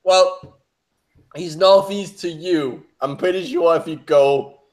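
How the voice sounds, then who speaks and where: A man's voice: on the high side, takes it slowly. A man chatting casually in a group talk, rambling and stumbling over his words. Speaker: podcast co-host.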